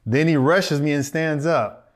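A man in his thirties tells an animated story on a podcast. His voice sits a little high, and he switches into the voices of the people in his story. He laughs often as he talks. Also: a little slow. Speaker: podcast co-host, former football player.

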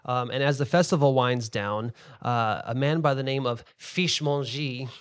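Uomo che narra da master di gioco di ruolo. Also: male voice, medium pitch, moderate pace, few pauses. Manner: relaxed second-person scene narration. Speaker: game master. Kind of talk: narrating a tabletop game.

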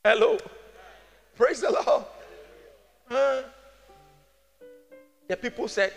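A man preaches in a high, gravelly voice, calling on the congregation to answer him back. His words ring out with a long hall reverb while soft music plays underneath. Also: sing-song, unhurried, pauses often. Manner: preaching with call-and-response, acting out voices. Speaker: pastor. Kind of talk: sermon.

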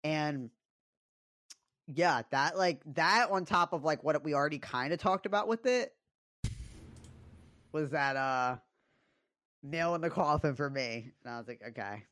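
A man's voice: fairly high pitch, animated, a little slow, long pauses, a bit bright, dry recording. A young man co-hosting a podcast, telling a personal story in a casual, confessional way, full of fillers and swearing. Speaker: podcast co-host.

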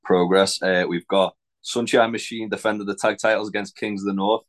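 A man's voice: fairly low pitch, fairly even intonation, normal speed. A man co-hosting a podcast, laid-back and casual, swearing and laughing now and then. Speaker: podcast co-host. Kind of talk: casual wrestling podcast chat.

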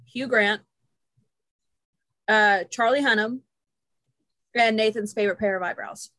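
A woman co-hosting a podcast in casual chat, talkative and quick to laugh. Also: medium pitch, sharp tone, no room sound. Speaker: podcast co-host.

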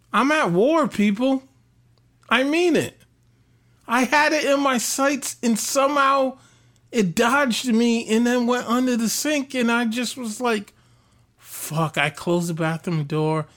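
A man hosting a podcast, ranting casually in an animated, profane, self-deprecating way. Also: high-pitched. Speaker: podcast host. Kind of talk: casual solo rant.

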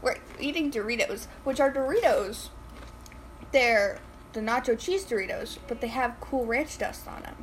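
A woman's voice: on the high side, a little hiss or hum, low-quality recording. Giggly teen girl podcast co-host. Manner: giggly, loud, quick to tease. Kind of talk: casual chat.

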